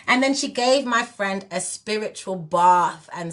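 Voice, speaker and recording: British woman going off on a live, switching into patois, bright sharp voice, repeats herself for emphasis. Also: a little high, animated, slow pace, hardly any pauses. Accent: British English mixed with Jamaican patois. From England. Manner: emphatic, confrontational, repetitive. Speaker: musician and spiritual wellness figure. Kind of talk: livestream rant.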